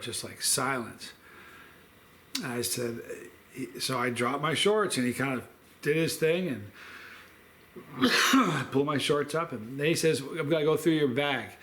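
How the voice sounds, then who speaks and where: A man's voice: a little high, a bit bright, slight background noise. A man hosting a food review vlog, telling a long story in a rambling, chatty way with lots of fillers.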